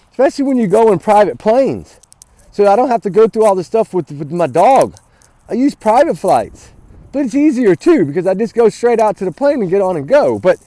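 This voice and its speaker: A man's voice: high voice, mellow, no room sound. A man vlogging outdoors on a cold morning, ranting heatedly with swearing and rambling, breaking off to call and scold his dog. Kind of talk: angry ranting vlog.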